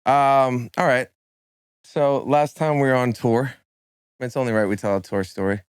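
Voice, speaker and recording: Smooth-voiced man, laid-back storyteller. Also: mid-range voice, fairly even intonation, normal speed, no room sound, studio quality. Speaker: podcast guest. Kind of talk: casual chat, storytelling.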